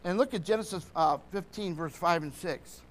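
A man's voice: high-pitched, normal speed, slight background noise. A man preaching a sermon with fervour, often checking that the congregation is following along.

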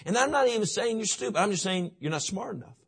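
A man's voice: high-pitched, big pitch swings, quick pace, fairly bright tone, husky. A man preaching a sermon to teenagers, emphatic and repetitive, often asking his listeners questions. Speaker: youth pastor.

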